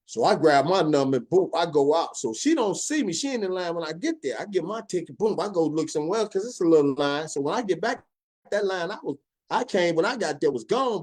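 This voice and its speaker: Man, middle-aged, podcast host, emphatic rant, higher voice. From Chicago. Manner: animated, emphatic, drawling storytelling with laughs. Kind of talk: opinionated monologue.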